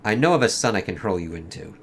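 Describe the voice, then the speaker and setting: A man's voice: lowish voice, very animated, fast talker, a little hiss or hum. A man voicing a grandiose, mocking male villain from a comic, read with lofty theatrical phrasing.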